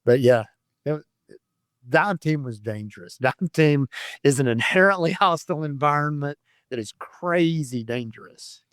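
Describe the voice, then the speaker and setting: A man's voice: a little high, moderate pace, fairly bright tone, no echo, clean studio sound. A man in his fifties, a retired sheriff's deputy, telling rambling stories in a casual interview and laughing at himself. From Florida, USA.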